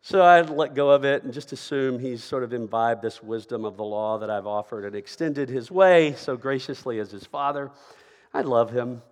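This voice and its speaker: A man's voice: mid-range voice, normal speed. A middle-aged man preaching a sermon as a pastor, telling a story conversationally and often checking in with "right?". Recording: long reverb of a large hall.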